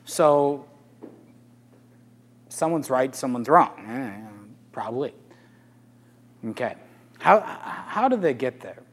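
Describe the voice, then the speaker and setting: A man, a Catholic priest, giving a casual, animated talk to a live audience, asking rhetorical questions. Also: mid-range voice, slow, long pauses, slightly rough. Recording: echoey hall.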